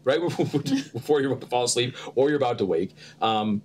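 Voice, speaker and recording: Animated man telling stories, faint hiss. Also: mid-range voice, a little fast. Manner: animated storyteller, acts out quotes with laughter. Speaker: actor and producer guest. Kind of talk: casual interview chat.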